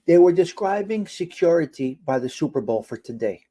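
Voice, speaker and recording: A middle-aged man hosting a casual livestream show, talking to his chat and swinging between loud, exasperated, swearing outbursts and quiet mutters. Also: fairly high pitch, normal speed, few pauses, husky. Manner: animated, exasperated ranting with swearing.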